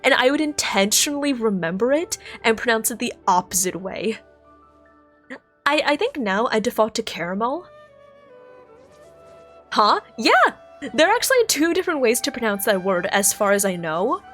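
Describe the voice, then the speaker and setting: A woman's voice: a little high, sing-song, normal speed, pauses often, fairly bright tone, faint music behind. An American woman streaming live, chatting casually and thinking aloud, often stopping to correct herself. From United States.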